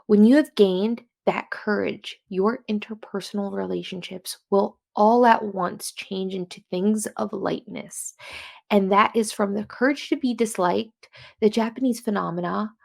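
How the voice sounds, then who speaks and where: A woman's voice: mid-range voice, steady tone, measured pace, vocal fry. A young woman with a New Jersey accent, hosting a casual self-help podcast in a rambling, chatty way that often corrects itself. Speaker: podcast host.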